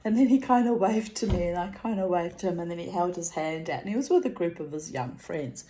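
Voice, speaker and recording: Older woman, vlogger, low-ish voice, rambling and giggly anecdotes. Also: a little fast, mellow. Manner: chatty, laughs often, lots of fillers. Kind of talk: rambling personal storytelling.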